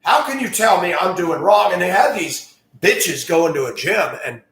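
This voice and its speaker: A man's voice: high-pitched, expressive, moderate pace. Ranting man, echoey room. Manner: crude, loud outbursts with mocking put-on voices. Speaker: host. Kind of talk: ranting monologue.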